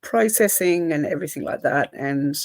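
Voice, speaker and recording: A woman co-hosting a podcast in casual chat, talking in a reflective, measured way with soft laughs. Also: low-pitched, expressive. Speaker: podcast co-host.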